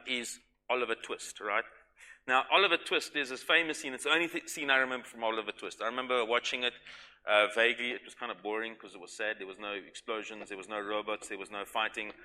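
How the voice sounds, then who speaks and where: Bright-voiced male preacher, emphatic. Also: medium pitch. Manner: emphatic, drops to soft intimate tones. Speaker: pastor. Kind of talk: sermon.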